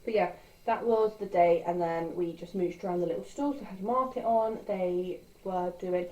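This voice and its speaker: Young woman, casual vlogger, mellow and warm, chatty with lots of ums. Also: on the low side, moderate pace, highs cut off. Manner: chatty, rambling, with filler words. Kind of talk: casual vlog chat.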